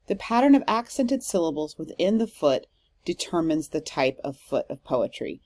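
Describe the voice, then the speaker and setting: A woman lecturer talks through a recorded lesson in a fairly low voice. Her delivery is measured and explanatory, with steady "um" fillers as she works through each point. The sound is close and dry, with no room around it. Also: no room sound. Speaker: literature professor.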